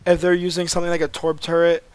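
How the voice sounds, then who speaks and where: Man with a slightly high, dry-sounding voice. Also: monotone, fast talker, clear, resonant tone, no room sound. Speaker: podcast co-host. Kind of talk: casual gaming podcast chat.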